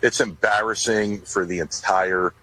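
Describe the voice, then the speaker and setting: A man's voice: lowish voice, fairly even intonation, unhurried, pushed and bright, husky, low-quality recording. A man who is a retired military veteran, speaking bluntly and with indignation in an interview clip.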